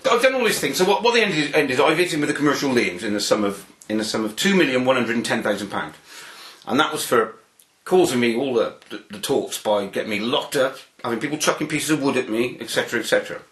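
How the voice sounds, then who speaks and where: A man's voice: mid-range voice, animated, fast talker, a bit bright, echoey room, rough recording. Rambling man telling stories. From United Kingdom. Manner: repeats himself, many restarts and fillers. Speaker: interview guest. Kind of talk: rambling anecdotal storytelling.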